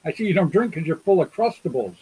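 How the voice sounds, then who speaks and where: A man's voice: on the high side, sing-song, fast, dark tone, husky, rough recording. A man in a casual panel chat, joking and teasing the others. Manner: teasing joker.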